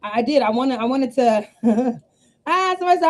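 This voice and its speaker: Woman, high voice, business coach, casual livestream chat, slangy, talks to viewers like family. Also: lively intonation, normal speed. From US West Coast. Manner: chatty, warm slang, laughs often, addresses viewers as y'all and honey. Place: home room. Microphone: webcam setup with two cameras.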